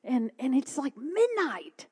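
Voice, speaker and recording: A woman's voice: high voice, very animated, slow, breathy edge. Woman preaching her testimony. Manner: dramatic storytelling, drops to hushed whispers.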